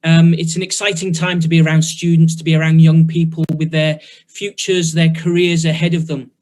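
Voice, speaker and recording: A man's voice: on the high side, flat delivery, a little fast, darkish tone. A man giving an earnest, encouraging opening speech at a ceremony. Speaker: guest speaker.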